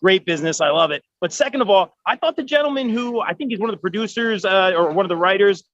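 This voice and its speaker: A man interviewing at an event outdoors, hyped and loud, as if talking over a crowd. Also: high voice, animated, fast, lo-fi sound. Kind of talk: casual interview.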